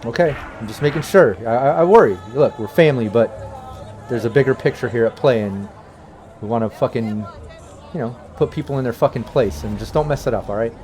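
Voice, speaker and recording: A man's voice: a little fast, darkish tone, some chatter behind, lightly acted. A man playing a vengeful, scheming male crime-family brother on a phone call, swearing and urging caution. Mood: stern. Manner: profane, urging and low-key. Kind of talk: in-character phone call in a tabletop game.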